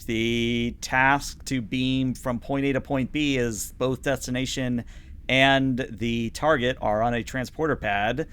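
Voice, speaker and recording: A man's voice: mid-range voice, steady tone, slow pace, fairly bright tone, clean tone. Brief: chatty game master, man, explaining rules with plenty of ums. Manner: chatty, lots of fillers. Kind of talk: narrating a tabletop game.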